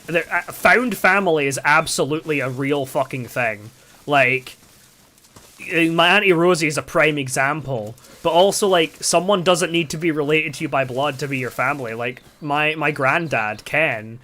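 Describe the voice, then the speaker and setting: A young British man rambles casually while streaming a game, storytelling with lots of fillers and swearing. His voice is fairly high in pitch with a sharp tone.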